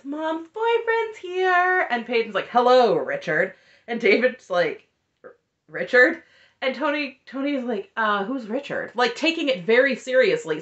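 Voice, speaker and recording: Chatty wry woman, lively pitch. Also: muffled recording. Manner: chatty, wry, lively retelling with quoted voices. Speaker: recap host. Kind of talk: casual chat recap.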